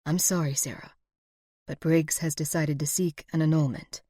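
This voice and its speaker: A woman voicing a middle-aged man, a formal frontier lawyer, speaking in a measured, evasive way. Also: low voice, fairly even intonation, warm tone, dry recording, studio quality. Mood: cool. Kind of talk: audiobook character voice.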